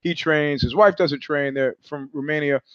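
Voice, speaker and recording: Casting note: New man, high voice, dry close sound, sardonic profane podcast host. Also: moderate pace, dry recording, muffled recording. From New York. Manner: profane, sardonic, animated storyteller who acts out voices. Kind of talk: casual monologue, storytelling.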